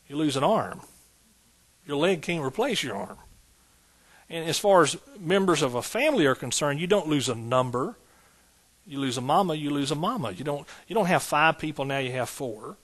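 A man's voice: on the high side, fairly bright tone. A man preaching a sermon as pastor, building points through rhythmic repetition and folksy asides.

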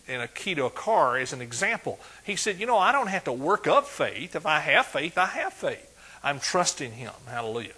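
Man, preaching, bright husky voice, folksy, soft then loud. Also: high-pitched. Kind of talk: sermon.

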